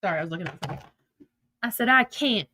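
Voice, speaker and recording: A woman's voice: mid-range voice, lively intonation, fast talker, pushed and bright, slight background noise. A woman streaming casual commentary, reading text messages aloud in a profane, gossipy way and laughing often. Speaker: social media streamer.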